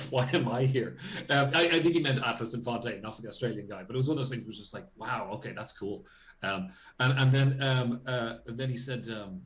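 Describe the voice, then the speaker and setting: A man's voice: medium pitch, a bit bright. An Irish man, a voice actor, telling a rambling story in an interview, interrupting himself often and acting out the lines he quotes. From Ireland. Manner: rambling, self-interrupting, acts out quoted dialogue. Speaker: voice actor guest.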